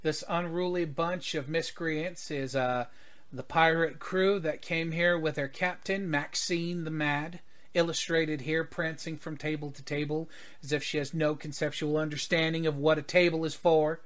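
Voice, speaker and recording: A man voicing a dry, sardonic male character in a tabletop game, making measured, sarcastic introductions. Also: fairly high pitch, fairly even intonation, a bit bright, close to an everyday voice.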